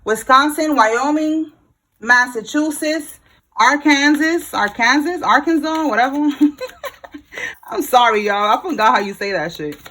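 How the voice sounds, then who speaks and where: A woman giving a casual tarot reading, talking straight to her viewers in a blunt, slangy way with swearing and quick laughs. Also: a little high, animated, sharp tone, slight background noise. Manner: talks to viewers directly while pulling cards. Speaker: tarot reader.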